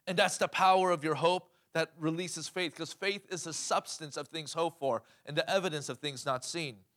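Male pastor mid-sermon, emphatic, fairly high voice. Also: fairly even intonation, normal speed, fairly bright tone. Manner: emphatic, asks the crowd questions, calls "Amen?".

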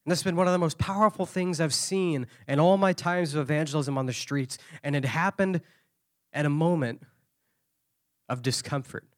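A man preaching at a conference, telling a story with lively shifts of voice. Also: fairly high pitch, normal speed, no echo, studio quality. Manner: animated storyteller, acting out quoted voices. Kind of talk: sermon storytelling.

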